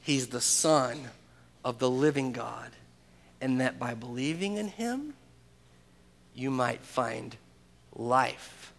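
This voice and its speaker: A man preaching a sermon to his church congregation. He swings between loud, emphatic calls and hushed, intimate asides, and peppers the crowd with rhetorical questions. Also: medium pitch, lively intonation, slow, gravelly, long pauses. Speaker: pastor.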